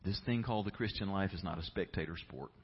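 A fervent male pastor preaches a sermon in a church sanctuary, his husky voice moving at a quick pace. He swings from quiet, low asides to loud, soaring emphasis and engages the congregation in call-and-response. The live recording is muffled and lo-fi.

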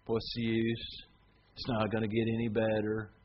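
Male preacher voicing a resigned cynic, low and flat; slightly dull sound. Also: normal speed, a little hiss or hum, close to an everyday voice. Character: gloomy male cynic who sees no point.

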